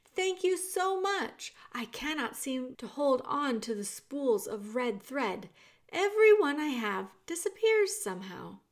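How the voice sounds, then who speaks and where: A gentle, gracious twelve-year-old princess, as a woman reading aloud voices her. She speaks politely in a light, high voice. She keeps her pace unhurried. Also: sing-song, full character voice. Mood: gracious, patient.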